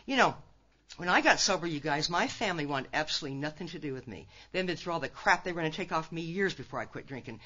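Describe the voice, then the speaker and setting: An older woman from Nebraska talks fast and folksy, speaking straight to a big crowd. Her voice is bright and forceful. The recording sounds dull and lo-fi. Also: low voice. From Nebraska, USA. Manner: folksy and animated, direct asides to listeners. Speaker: conference speaker. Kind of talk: recovery talk to a large audience.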